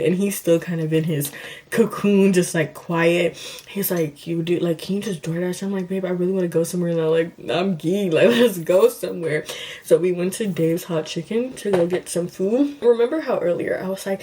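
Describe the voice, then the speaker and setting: A woman's voice: on the low side, moderate pace, a little mellow. A young woman vlogger telling a casual storytime, chatty and full of fillers, acting out what she and others said. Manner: chatty, acts out quotes of herself and others, many fillers.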